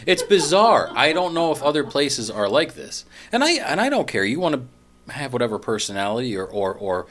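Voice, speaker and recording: A man from northeastern Pennsylvania co-hosts a casual chat, rambling playfully through his points. His voice rises and falls in a lively way. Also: medium pitch. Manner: playful, rambling, quick to laugh along.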